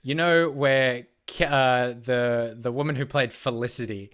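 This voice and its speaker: A man's voice: medium pitch, steady tone, unhurried, fairly bright tone, smooth. A man co-hosting an esports broadcast, chatting casually with teasing, rambling asides and lots of fillers. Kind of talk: casual on-air banter.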